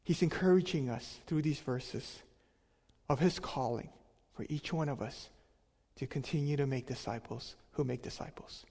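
A man preaching a sermon as pastor, emphatic, with a voice that drops to a soft near-whisper on key words. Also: medium pitch, moderate pace, slightly rough, long reverb tail.

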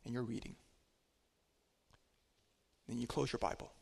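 A man preaching a sermon, telling a personal story in a conversational way, swinging between loud and quiet. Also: medium pitch, level tone, unhurried, gravelly, husky, in a large hall.

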